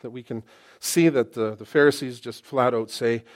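A middle-aged man preaching a sermon in an animated, excitable, conversational way, often restarting his sentences. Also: medium pitch, moderate pace.

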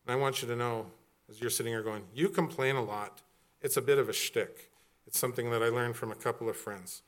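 A man's voice: medium pitch, steady tone, quick pace. A middle-aged man preaching a sermon as a pastor, conversational and jokey, sometimes acting out other people's voices.

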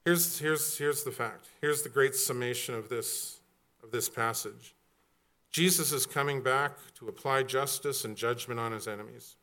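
A man's voice: mid-range voice, normal speed, sharp tone. A middle-aged man preaching a sermon as a pastor, conversational and jokey, sometimes acting out other people's voices.

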